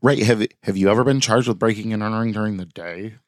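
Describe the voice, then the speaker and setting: A man's voice: fairly low pitch, fast talker, dry recording, studio quality. Man casually reading crime news. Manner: reads articles aloud with offhand asides. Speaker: podcast host. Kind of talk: casual podcast chat reading news stories.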